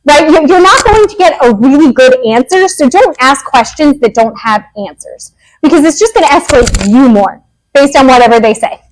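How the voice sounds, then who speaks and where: A woman behavior analyst, herself a parent, giving a lively, joking workshop talk to parents. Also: high voice, a little hiss or hum, low-quality recording. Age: adult parent. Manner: lively, joking, acts out quick quotes.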